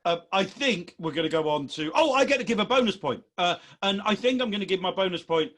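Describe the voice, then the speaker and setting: A man's voice: sits high, expressive, fairly quick, a bit bright. A man hosting a comedy quiz podcast, chatty and laughing easily. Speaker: quiz host. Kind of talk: comedy panel podcast chat.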